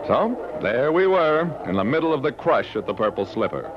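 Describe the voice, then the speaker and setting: A man's voice: mid-range voice, normal speed, natural voice. A man playing a wry private detective narrator. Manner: dry, wry narration with lively delivery. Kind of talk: 1940s radio acting. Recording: dull vintage radio recording with faint hiss.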